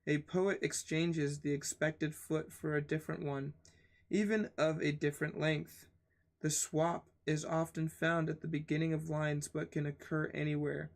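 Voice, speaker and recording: A man reads a book aloud at a slow, halting pace, his voice gravelly and pitched a little high. He spells out hard words letter by letter and stops to add casual comments of his own. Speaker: channel host reading a book aloud.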